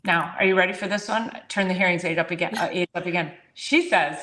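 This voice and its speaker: A woman in a casual health chat, telling a story about a patient with lively swings in her voice and acting out each side of the dialogue. The sound is roomy, with clear echo around her voice. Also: on the low side, quick pace, hardly any pauses. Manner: animated, acts out both sides of a conversation. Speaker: chiropractor and podcast host.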